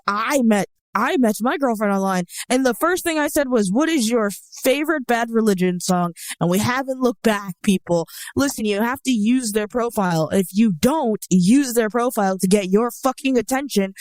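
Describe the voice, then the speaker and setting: A woman's voice: on the high side, animated, moderate pace, hardly any pauses, darkish tone, no room sound. A young woman co-hosting a dating advice show, talking in a blunt, sarcastic way and swearing freely. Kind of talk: casual chat.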